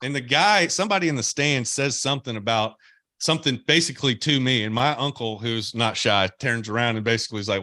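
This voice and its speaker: A young man hosting a podcast, telling animated stories with swearing and laughter. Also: medium pitch, brisk, no echo. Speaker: podcast host, former player. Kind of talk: casual podcast chat.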